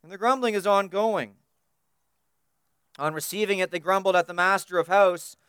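A man's voice: high-pitched, moderate pace, a bit bright, clear, resonant tone, no room sound, studio quality. A man preaching an expository sermon, emphatic and repetitive, building his points through long lists.

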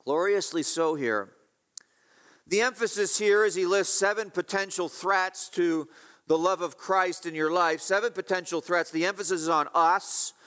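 A man preaching an expository sermon, emphatic, repeating key phrases and swinging between loud and hushed. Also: sits high, moderate pace, clear, resonant tone. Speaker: pastor. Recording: reverberant hall.

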